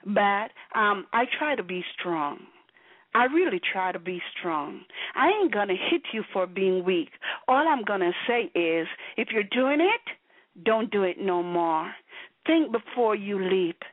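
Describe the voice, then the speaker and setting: A woman with a husky, slightly high voice lectures her viewers in a blunt, profane rant. Her pitch leaps around with lively emphasis as she hammers each point home. The sound is dry and tinny, as if coming through a phone. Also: no echo. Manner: lecturing and emphatic, with blunt swearing and repeated appeals of "you know". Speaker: vlogger. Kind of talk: preachy, profane monologue to camera.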